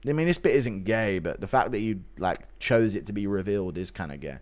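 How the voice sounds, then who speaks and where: A man's voice: lowish voice, expressive, fairly quick. A man live-streaming, reading out donations and joking crudely, laughing often. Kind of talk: casual chat.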